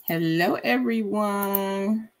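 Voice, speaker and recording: A woman hosts a relaxed livestream, reading viewers' comments one by one. She talks slowly and drags out her words, then jumps up into a high sing-song voice to greet people by name. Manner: slow, drawn-out delivery. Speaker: livestream host.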